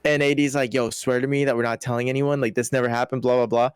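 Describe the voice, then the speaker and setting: A young man co-hosting a podcast, telling a story in casual, animated, profane chat full of "bro" and "like". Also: mid-range voice, quick pace, smooth, no room sound, clean studio sound. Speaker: podcast co-host.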